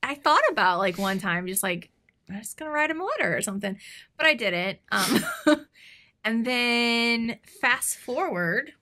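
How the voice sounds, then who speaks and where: A woman's voice: fairly high pitch, measured pace. A woman in her thirties, co-hosting a podcast, telling a personal story in casual chat and acting out what people said. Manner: animated, acts out quoted lines. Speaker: podcast co-host.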